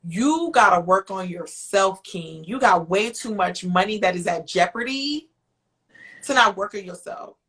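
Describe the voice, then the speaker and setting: A woman co-hosting a podcast, animated and opinionated in casual chat. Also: mid-range voice, unhurried. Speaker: podcast co-host.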